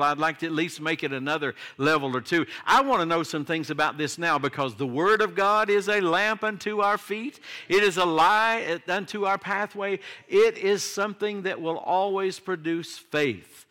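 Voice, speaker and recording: A man's voice: fairly high pitch, pushed and bright. An older man, a pastor delivering a sermon in a conversational style that swings into emphatic declarations.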